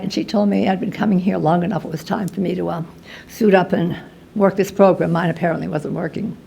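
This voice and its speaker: Woman sharing her story at a recovery meeting, wry and blunt, bit of gravel in her voice. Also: medium pitch, a little mellow. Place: meeting hall.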